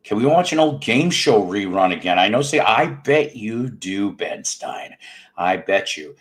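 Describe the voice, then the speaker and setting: A man's voice: fairly low pitch, big pitch swings, unhurried. Rambling man hosting a livestream. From United States. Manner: rambling, self-mocking, jokey. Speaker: livestream music show host. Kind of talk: casual livestream chat. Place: home.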